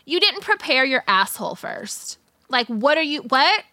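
A woman's voice: sits high, very animated, a little slow, bright, forceful tone, no echo. A woman, telling a story on a podcast in profane casual chat and acting out the quotes.

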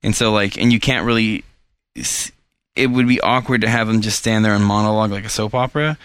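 A man co-hosting a podcast, chatting casually and thinking out loud with hedges. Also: fairly low pitch, a little fast, clean tone, dry recording. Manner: chatty, thinking aloud, hedging. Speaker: podcast co-host. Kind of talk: casual chat.

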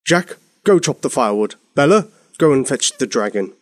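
A man's voice: medium pitch, lively intonation, normal speed, no room sound, studio quality, close to an everyday voice. A man voicing a grumpy, bossy king in a children's storybook, huffy and commanding.

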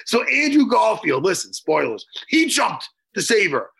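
A raspy, high-pitched man rattles through a movie recap with big swings in his voice and a gravelly edge. He swears freely and keeps breaking into loud laughter as he talks. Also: a little slow. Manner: excitable, swearing, retelling movie scenes with bursts of loud laughing. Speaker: podcast co-host. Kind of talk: casual chat.

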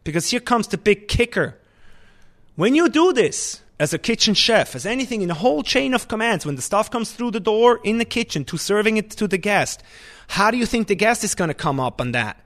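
Man, high voice, chef and owner, animated, emphatic, casual interview. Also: fairly quick.

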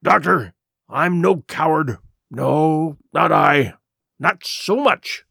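A man voicing a wily old male pirate who pleads in rough sailor's dialect. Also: on the high side, lively intonation, slow, pushed and bright, no echo, clean studio sound, exaggerated voice. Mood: earnest.

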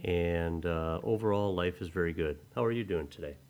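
A priest co-hosting a podcast speaks in a low, deep voice. He chats easily and agreeably, answering his friend with ready laughs and sharing small memories in a relaxed way. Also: moderate pace. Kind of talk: casual chat.

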